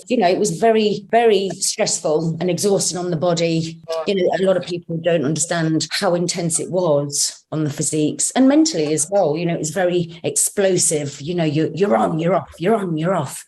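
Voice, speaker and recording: Female guest in her fifties, earnest and reflective, lowish voice. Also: mellow. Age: 50s. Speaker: former TV gladiator guest. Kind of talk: reflective casual chat.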